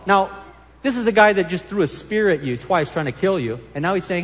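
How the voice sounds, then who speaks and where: A man's voice: high voice, expressive, a little fast. A man preaching a sermon as pastor, earnest and emphatic as he reads and explains scripture. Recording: long hall reverb.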